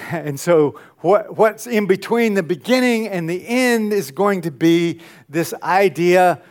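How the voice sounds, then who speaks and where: A man's voice: sits high, animated, takes it slowly. A man teaching a Bible lesson to a congregation in a conversational way, asking the room questions and often restarting his sentences. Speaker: pastor teaching a Bible class.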